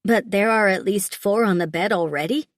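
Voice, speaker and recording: A woman's voice: mid-range voice, normal speed, no room sound, clean studio sound, close to an everyday voice. A woman voicing a young heroine in an audiobook, light, teasing and questioning. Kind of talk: audiobook character voice.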